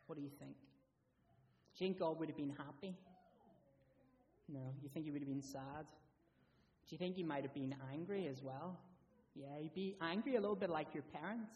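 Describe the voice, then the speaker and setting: A man's voice: a little high, normal speed, pauses often, recorded from a distance, lo-fi sound, a little hiss or hum. Man giving a children's talk in church. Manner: asks the children lots of questions, lively and friendly.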